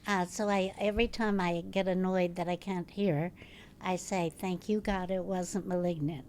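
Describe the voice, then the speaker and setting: Older woman with a distinctive, lively voice. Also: on the low side, normal speed, a little hiss or hum. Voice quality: distinctive, instantly recognizable voice. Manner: lively, laughs often while telling stories. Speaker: actress and podcast guest. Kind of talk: casual interview storytelling.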